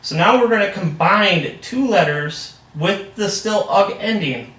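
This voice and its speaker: A young man acts as a reading tutor, upbeat and full of praise. His voice is high and bright. The sound is roomy and captured from a distance. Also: expressive, a little slow. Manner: upbeat and encouraging, heavy praise. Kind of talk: practice lesson role-play. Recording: echoey room, distant mic.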